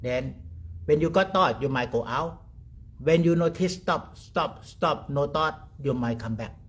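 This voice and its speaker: A man leading a guided meditation talk in simple broken English, pausing often and asking "okay?". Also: mid-range voice. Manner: repeats short words softly, trailing off quieter. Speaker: meditation teacher.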